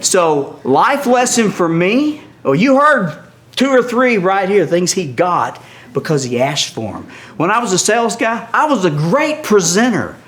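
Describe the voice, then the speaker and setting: An older man telling a story with lively, animated delivery, often dropping to a hush. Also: high-pitched, a little slow. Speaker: guest storyteller.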